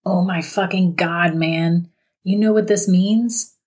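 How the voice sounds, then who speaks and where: A woman reading a horror story aloud, voicing a stubborn young man who swears gruffly and drags out his words. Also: on the low side, steady tone, slow, a little mellow. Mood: excited. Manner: gruff, cursing.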